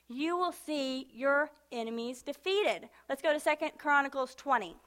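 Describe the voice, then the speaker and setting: A woman delivers a sermon in a high voice. Her tone is bright and ringing. She builds fervor through repeated phrases, then slips into casual, chatty asides. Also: normal speed, hardly any pauses. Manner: impassioned, emphatic repetition, casual asides. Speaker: preacher.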